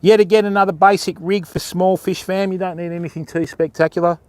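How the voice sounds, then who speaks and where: High-voiced Australian man fishing live. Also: steady tone, brisk, darkish tone, a little hiss or hum. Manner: greets chat viewers by name, chatty. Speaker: fishing livestream host. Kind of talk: live-stream chat while fishing. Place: outdoors on a beach.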